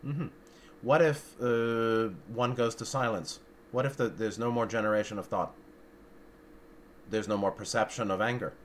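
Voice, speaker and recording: A man's voice: lowish voice, fairly even intonation, normal speed, pauses often, a little hiss or hum. A man giving an informal dharma talk, musing and searching for words, with dry humor and blunt asides. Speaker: dharma teacher.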